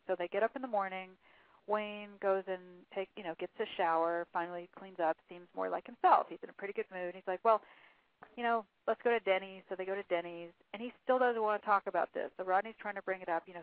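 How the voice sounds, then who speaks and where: A woman's voice: medium pitch, steady tone, fairly quick, no room sound. Woman telling a story over a phone line. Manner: storytelling, reads quotes aloud, frequent fillers. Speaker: author guest. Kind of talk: phone interview, recounting a case.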